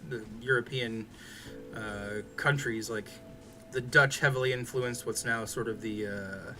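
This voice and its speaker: A man's voice: mid-range voice, fairly even intonation, measured pace, bright, forceful tone. A man chatting casually on a stream, rambling with many fillers and restarts. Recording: music playing behind.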